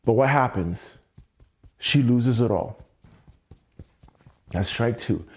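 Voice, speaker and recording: A man hosting a livestream, venting angrily and swearing, keeping his voice low at home at night so he won't wake anyone. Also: slow pace, long pauses, breathy edge. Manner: angry, swearing, exasperated. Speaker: livestream host.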